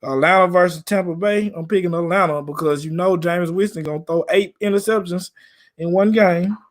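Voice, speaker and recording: This Memphis, Tennessee man speaks briskly in a high voice with a Southern accent. He's running a relaxed, slangy live stream about football.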